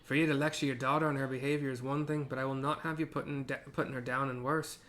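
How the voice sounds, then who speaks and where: A man voicing a blunt, protective forge master in a game, speaking louder, higher and more emphatically than his own voice. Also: little pitch movement, fast, lightly acted. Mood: indignant. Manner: loud, indignant, emphatic.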